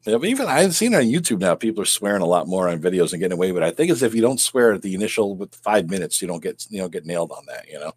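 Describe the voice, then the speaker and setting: Man, low voice, lively pitch, easygoing co-host, casual chat. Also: rapid-fire, hardly any pauses, slightly rough. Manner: laughs easily, agreeable. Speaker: podcast co-host.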